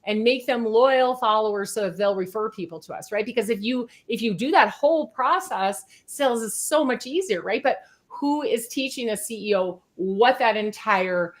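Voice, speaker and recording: A middle-aged woman speaking as a podcast guest. Her voice sits a little high, and she talks with quick energy, punching her points and checking in with the listener as she goes. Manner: energetic, talks fast, peppers with "right?". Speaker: sales consultant guest. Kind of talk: podcast interview.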